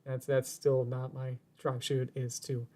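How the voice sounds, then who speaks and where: A man's voice: mid-range voice, completely flat delivery, a little slow, dark tone. A man game streamer talking casually on his stream, rambling and circling back, often repeating his words as he goes.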